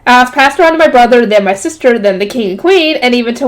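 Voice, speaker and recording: A woman's voice: a little high, animated, quick pace, hardly any pauses, a little hiss or hum. A woman reading a light novel aloud, stopping often to add casual jokey comments. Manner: breaks off to comment and joke. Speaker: reader.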